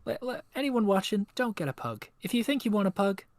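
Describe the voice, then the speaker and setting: A man's voice: high voice, big pitch swings, brisk, no room sound. A man co-hosting a live stream, chatting playfully and riffing with exaggerated jokes. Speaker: streamer co-host. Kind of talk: casual live-stream chat.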